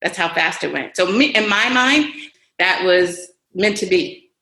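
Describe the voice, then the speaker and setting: A woman in her forties, a podcast guest, telling her story in an animated, casual way and acting out the voices of other people. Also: fairly low pitch, measured pace. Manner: animated, acts out quoted voices. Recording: roomy echo.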